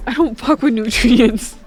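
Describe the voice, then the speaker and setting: A woman's voice: a little high, darkish tone. A woman giving casual, joking, rambling commentary while playing a game, full of slang. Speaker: gaming streamer.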